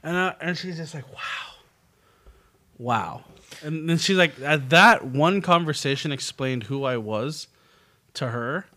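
A man's voice: fairly high pitch, moderate pace, sharp tone, no room sound. A man in casual podcast chat, rambling through a story with restarts. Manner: rambling, restarts, laughs often.

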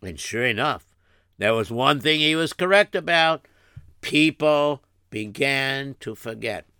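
A man narrates a story slowly and conversationally. His voice is very bright and smooth, with a lively pitch, and it is recorded dry and close. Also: no room sound.

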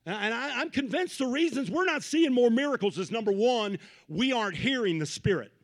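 A man preaching a Pentecostal sermon, swinging from low asides to shouted peaks and repeating phrases in a rhythmic build. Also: animated, normal speed. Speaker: pastor.

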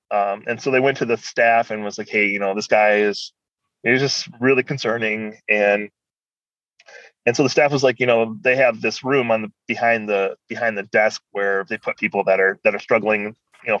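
Male guest, animated rambling storyteller, dry and muffled sound. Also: medium pitch, normal speed, no echo. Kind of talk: personal storytelling in conversation.

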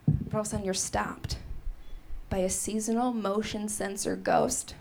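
A woman's voice: mid-range voice, moderate pace, a little hiss or hum. A woman hosting a stand-up comedy show on a club stage, telling stories with lots of laughter into a handheld mic. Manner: animated, laughing through her stories. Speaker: stand-up host.

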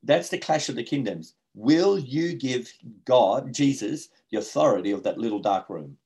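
A man hosts a faith talk show in a mid-pitched, ordinary voice. He sounds earnest and a little preachy, and he keeps asking for agreement with tag questions. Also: expressive, normal speed, mellow. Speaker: host.

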